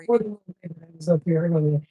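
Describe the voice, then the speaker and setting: A woman's voice: sits low, fast, mellow, husky, rough recording. A woman hosting a live poetry show on stage into a handheld mic, with loose, profane banter and frequent laughs. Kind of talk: casual live emcee banter.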